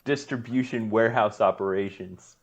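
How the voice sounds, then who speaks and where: A man co-hosting a podcast in casual chat, easygoing and quick to laugh. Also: lowish voice, husky. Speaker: podcast co-host.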